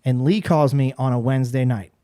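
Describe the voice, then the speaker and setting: A man in his forties, a podcast guest and former radio personality, telling a story in a casual, animated way with frequent restarts. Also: medium pitch, brisk.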